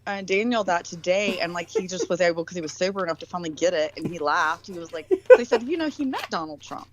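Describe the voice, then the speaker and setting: Animated woman telling a story. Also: fairly low pitch, fast talker, a little hiss or hum, low-quality recording. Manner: animated storytelling, mimics people she quotes; swears casually. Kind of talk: casual chat.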